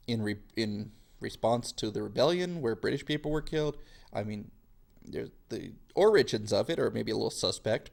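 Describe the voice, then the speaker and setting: A man teaching a history lesson in a casual, lively way, sometimes slipping into quick silly voices. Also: on the low side, vocal fry. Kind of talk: classroom lecture.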